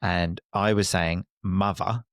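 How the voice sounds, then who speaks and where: A man from Essex with a softened Essex accent, chatting casually as a guest, laughing often and poking fun at himself. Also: low voice, fairly even intonation, takes it slowly, dry recording, clean studio sound. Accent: Essex English, softened. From Essex, England. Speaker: guest, English teacher and podcaster. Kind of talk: casual conversation.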